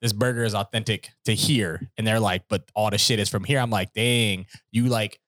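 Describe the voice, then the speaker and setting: A man's voice: on the low side, fairly even intonation, normal speed, a bit bright, dry recording, studio quality. A man co-hosting a casual podcast chat, rambling through his points with jokes and frequent laughs. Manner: rambling, jokey, laughs often.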